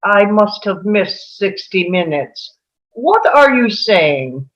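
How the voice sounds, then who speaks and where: A man's voice: high-pitched, very animated, a bit bright, highs cut off, full character voice. A man reading a cold, mocking terrorist leader. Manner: slow, dry, sardonic. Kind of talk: table read.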